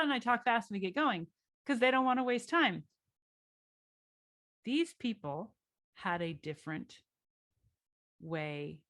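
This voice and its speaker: A woman hosting a podcast in casual chat, telling work stories in an animated way and acting out her own reactions. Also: on the high side, dry recording, clean studio sound. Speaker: podcast host.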